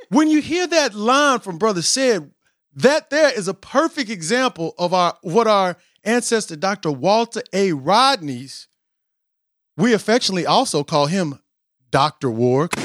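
A man hosting a podcast in a casual, animated way, mocking himself as he tries to rap and then explaining with preacherly emphasis. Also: high voice, no echo, clean studio sound. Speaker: podcast host. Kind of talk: casual podcast intro with attempts at rapping.

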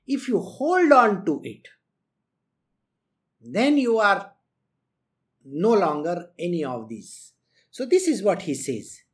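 Spiritual teacher, lively delivery with wide pitch swings, frequent laughter, plays out quotes. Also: takes it slowly, long pauses. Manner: animated, laughs often, acts out quotes. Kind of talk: lecture on renunciation.

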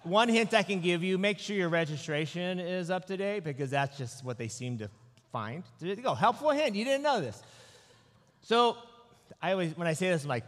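Male pastor, fairly high voice, relaxed storyteller with self-deprecating humor, sermon recorded in a big reverberant sanctuary. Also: moderate pace. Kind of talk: sermon with humorous personal stories. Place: church sanctuary. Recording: long reverb of a large hall.

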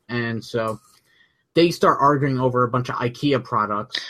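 A man chatting on a podcast, steadily recapping the plot and adding background facts. His voice sits at an ordinary middle pitch, and he talks in a relaxed, matter-of-fact way. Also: fairly quick. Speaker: podcast co-host. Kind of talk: casual chat.

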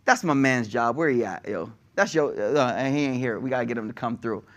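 A man giving a casual religious lesson in slangy, conversational talk, reading quotes in a quick run and then explaining them to his listeners. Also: medium pitch, animated, a bit bright. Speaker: religious teacher.

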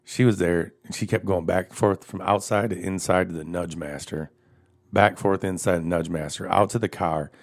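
A man with a low, gravelly voice tells stories among friends. He talks crudely and profanely, laughs often and gets animated. It is relaxed, casual chat. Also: moderate pace.

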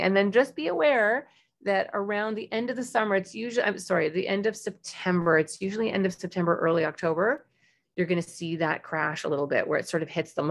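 A woman in her forties talks through parenting advice on her podcast. Her speaking voice sits a little low and is easy and conversational. When she acts out what a parent might say, her voice jumps up and brightens. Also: gravelly. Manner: warm, chatty advice with animated, high-pitched acted-out examples.

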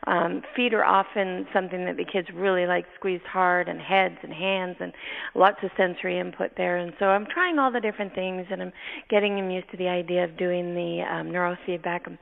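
A woman host telling a story from her work in a lively, animated way, now and then laughing and acting out her own thoughts. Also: lowish voice, moderate pace, vocal fry. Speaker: neurotherapist and podcast host. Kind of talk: storytelling in casual chat. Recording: tinny phone-line sound with long reverb.

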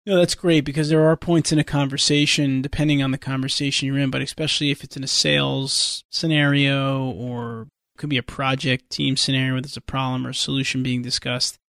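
A man's voice: mid-range voice, little pitch movement, fairly quick, creaky, hardly any pauses, a bit bright, no room sound, studio quality. A man hosting a podcast interview, upbeat and moving the conversation along. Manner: upbeat, moves the list along. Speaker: podcast host.

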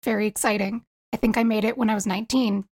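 A woman in her twenties from the US East Coast, a podcast guest chatting playfully and quickly. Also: mid-range voice, steady tone, a little mellow. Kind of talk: casual group chat.

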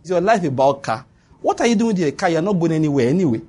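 This pastor's voice is a little high, darkish and slightly rough, moving fast in a sing-song rhythm. He preaches to an answering church congregation, hammering home repeated declarations between bursts of laughter.

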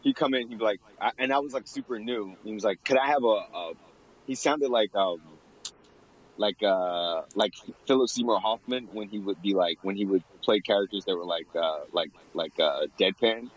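A man's voice: lowish voice, moderate pace, husky, muffled recording. A young man being interviewed about bartending. He rambles casually, fills his talk with fillers and laughs often. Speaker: guest, former bartender.

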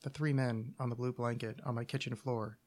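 A podcast host reads a short story aloud. He narrates in an even, deadpan manner at an ordinary middle pitch for a man. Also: brisk. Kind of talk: story reading.

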